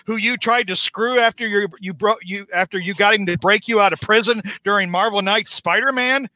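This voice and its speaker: A man's voice: sits high, brisk, sharp tone, no room sound. A man doing the Kingpin, a sneering crime boss.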